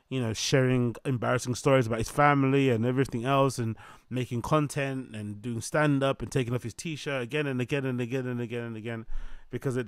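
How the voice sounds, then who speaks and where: A man's voice: medium pitch, dry recording, studio quality. A man giving opinionated commentary, ranting and mocking in long repetitive lists.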